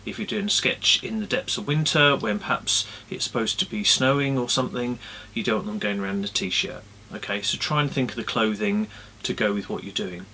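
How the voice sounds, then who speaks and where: Relaxed man teaching puppetry. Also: lowish voice, brisk, hardly any pauses, slight background noise. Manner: relaxed, friendly, lots of ums. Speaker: puppeteer giving tips. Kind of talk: casual instructional talk. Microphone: camera-mounted mic.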